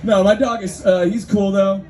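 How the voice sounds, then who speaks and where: A man's voice: high-pitched, fairly even intonation, normal speed, darkish tone, soft background music. A man from Northern California doing a stand-up set in a restaurant, with rambling, conversational crowd work. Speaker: stand-up comedian. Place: restaurant comedy night, indoors.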